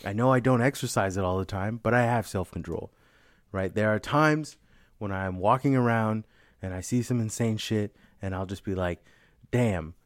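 A man's voice: on the low side, normal speed, dry recording, studio quality. A young man from the Bay Area, rambling in casual comedic chat, swearing a lot and saying "you know what I'm saying". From San Francisco Bay Area.

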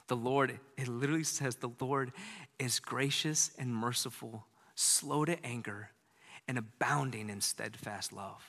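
A middle-aged male preacher with a bright, forceful tone, delivering a sermon in a church. His voice swings from urgent, loud exhortation down to soft, hushed near-whispers. A long reverb trails each phrase through the hall. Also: mid-range voice, takes it slowly.

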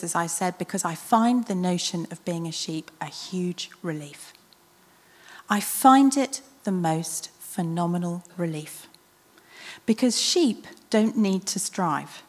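A woman delivers a sermon in an earnest, reflective manner. She repeats her key points with emphasis and often drops into a soft hush. Her voice has a middle pitch, and a long reverb trails behind it in the church hall. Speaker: preacher.

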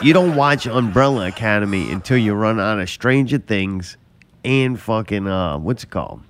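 A man's voice: lowish voice, animated, normal speed, a little hiss or hum. A man co-hosting a podcast, chatting casually with profane, laughing banter. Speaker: podcast co-host. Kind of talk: casual chat.

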